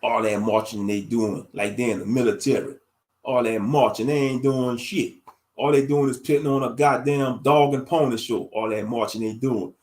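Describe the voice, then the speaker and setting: A man's voice: medium pitch, fairly even intonation, normal speed, darkish tone. A man giving casual livestream commentary in a blunt, rambling way, repeating his phrases.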